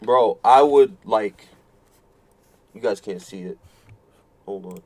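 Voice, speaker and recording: A man's voice: on the low side, slow pace, darkish tone. Casting: male streamer, late 20s, profane self-mocking rambler, casual live chat. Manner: keeps repeating himself in exasperation. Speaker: fighting game streamer.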